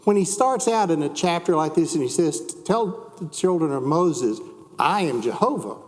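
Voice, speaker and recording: A man's voice: fairly high pitch, animated, normal speed, long reverb tail. A man teaching a church Bible class, chatting with the class, asking them questions and reading scripture aloud.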